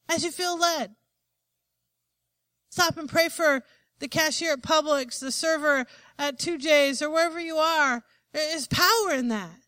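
High, bright-voiced woman preaching. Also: no room sound. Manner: emphatic, asks the congregation for "Amen?". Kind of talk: sermon.

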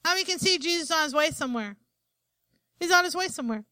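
Female preacher, very high forceful voice, emphatic sermon delivery, call-and-response. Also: animated, fast talker, dry recording. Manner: emphatic, asks the congregation for "Amen?".

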